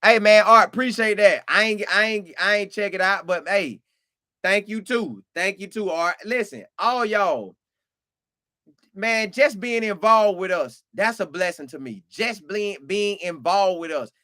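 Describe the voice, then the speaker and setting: A high-pitched man hosts a live stream, reading comments aloud and thanking viewers. His voice is bright and forward, and he talks loosely with sermon-like asides. The sound is dry and close. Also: animated, measured pace, no room sound. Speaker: podcast host reading live chat. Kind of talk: casual live-stream chat.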